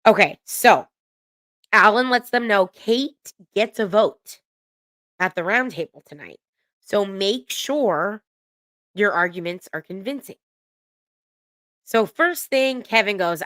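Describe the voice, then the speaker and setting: A woman's voice: mid-range voice, animated, slow, pauses often, fairly bright tone, no room sound, studio quality. A woman casually recapping a reality show episode, gossiping, swearing freely and laughing as she retells the scenes.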